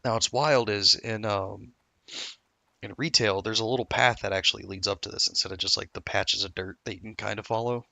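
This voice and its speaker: A man's voice: fairly low pitch, fairly even intonation, a little fast, vocal fry, bright, forceful tone, no echo. A man streaming a game, chatting casually and rambling through stories with many self-interruptions. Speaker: gameplay streamer. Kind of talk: casual gameplay commentary.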